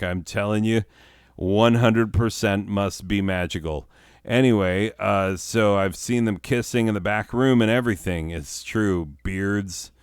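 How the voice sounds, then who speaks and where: A boastful, petty teenage boy witch, as a man puts him on rambles along slowly, dropping filler words as he brags about his curses. The voice sits a little low and sounds smooth and clean. It is a comedic character monologue. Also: dry recording, studio quality.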